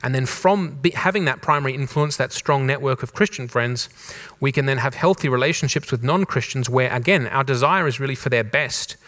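Australian man preaching, softened accent. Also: medium pitch, brisk, hardly any pauses. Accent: mild Australian, softened toward neutral English. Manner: conversational preaching with repeated rhetorical questions and restarts. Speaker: pastor. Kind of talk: sermon. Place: church in Germany.

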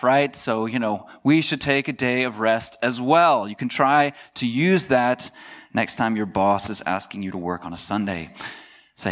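A man preaching a sermon in a conversational way, mixing joking asides with slow, emphatic key phrases. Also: mid-range voice, animated, fairly bright tone. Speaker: pastor.

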